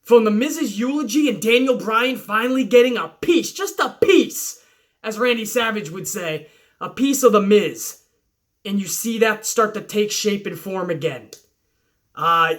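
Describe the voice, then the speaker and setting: A high-pitched middle-aged man talks through a wrestling episode in a loose vlog recap. He swears constantly, rambles and drifts between points as he goes. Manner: profane, animated, rambling. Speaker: wrestling show reviewer. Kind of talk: casual opinionated recap vlog.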